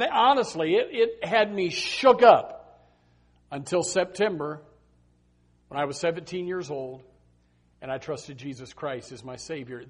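A high-pitched male pastor preaches a sermon, swinging between loud emphasis and hushed, earnest lines. He often repeats words and restarts.

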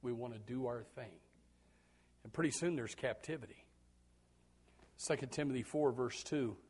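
Husky and mid-range, this pastor's voice moves at a moderate pace through a folksy, jokey sermon. He alternates quiet asides with loud shouted outbursts and often repeats words when starting a thought.

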